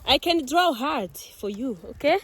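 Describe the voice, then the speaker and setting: A woman's voice: high voice, expressive, moderate pace, dry recording. A young woman with a Rwandan accent filming a casual vlog outdoors in the snow with her son, coaxing him along, mixing English with Kinyarwanda and laughing often. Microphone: phone camera.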